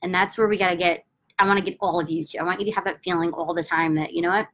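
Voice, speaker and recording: Middle-aged woman, tapping coach, upbeat and emphatic, voice sits a bit low. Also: fairly even intonation, a bit bright, rough recording. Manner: upbeat and emphatic, then slow chanting of affirmations. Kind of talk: guided self-help instruction.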